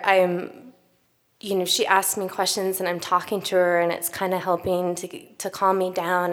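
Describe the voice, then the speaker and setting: A young woman tells a personal story before an audience in a loose, chatty way, with plenty of "like" and re-enacted quotes. Her voice sits at an ordinary middle pitch. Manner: chatty, lots of "like", quoting herself. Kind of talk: live storytelling on stage.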